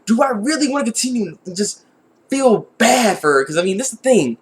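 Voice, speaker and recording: Male reviewer with a high voice. Rambling, casual, frustrated delivery. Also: expressive, a little fast. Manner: rambling, many restarts and "like"; exasperated. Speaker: anime reviewer.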